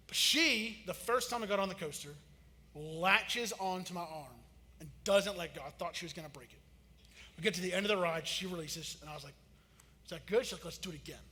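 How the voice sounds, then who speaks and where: A man, preaching and telling a story, acting out quotes with big swings in loudness. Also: high-pitched. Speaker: pastor. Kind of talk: sermon storytelling. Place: church auditorium. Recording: church hall reverb.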